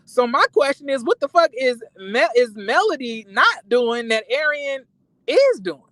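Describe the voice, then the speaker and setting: Guy ranting about reality tv on his channel, loud and animated, swears a lot, dead dry room. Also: very high-pitched, normal speed, dry recording. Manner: animated, profane, emphatic, breaks into apologetic asides. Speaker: commentary vlogger. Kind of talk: reality TV commentary rant.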